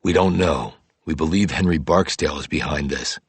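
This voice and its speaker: Man voicing a terse, gravelly male investigator. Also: rumbling low, moderate pace, no echo, full character voice. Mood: grim, terse. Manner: terse, clipped. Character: tough, driven male investigator.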